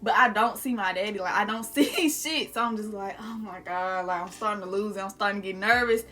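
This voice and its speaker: A young adult woman casually telling a story to her viewers, animated and swearing, calling them y'all. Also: mid-range voice, quick pace, a little hiss or hum.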